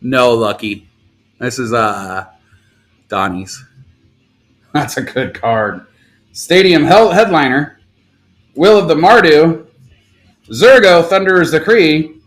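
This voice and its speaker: Male stream host, casual and profane, rattles off items fast with lively, upbeat pitch. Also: soft background music, low-quality recording. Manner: rapid-fire listing with excited outbursts and cursing. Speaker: live stream card seller. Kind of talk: casual live stream pack opening.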